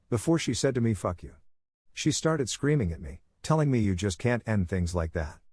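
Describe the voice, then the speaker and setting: Male narrator, lowish pitch, steady and plain read-through of written stories, dry close recording. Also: dry recording. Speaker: story narrator. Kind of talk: scripted narration of online posts.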